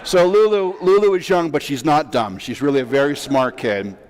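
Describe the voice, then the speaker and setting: A man in his forties, a rabbi, giving a sermon as a relaxed, self-deprecating story full of asides. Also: on the high side, normal speed. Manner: chatty, self-deprecating, with many fillers and asides. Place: large synagogue sanctuary. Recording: long reverb of a large hall.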